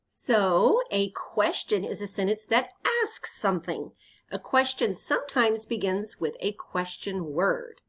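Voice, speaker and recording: A woman teacher walks young children through a lesson at a slow, careful pace. Her pitch rises and falls a lot as she asks them questions and then answers them herself. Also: animated, a bit bright. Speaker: elementary teacher.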